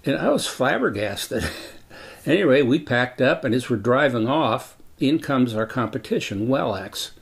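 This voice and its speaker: Elderly male storyteller, gravelly, measured reminiscing. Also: medium pitch, lively intonation. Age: 80s. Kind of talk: personal storytelling.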